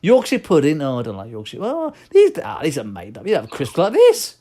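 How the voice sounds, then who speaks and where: A man's voice: on the high side, huge pitch swings, brisk, dark tone. An English man co-hosting a podcast, reading lists aloud in casual chat and cracking jokes. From United Kingdom. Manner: jokey, reads lists aloud, slips into a mock cockney voice. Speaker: podcast co-host.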